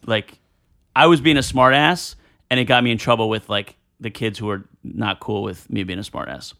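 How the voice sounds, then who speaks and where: A man's voice: on the low side, gravelly. A middle-aged man from New Jersey telling stories in a casual podcast chat, acting out the quotes. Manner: fast animated storyteller, acts out quotes. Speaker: podcast guest. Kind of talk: casual storytelling.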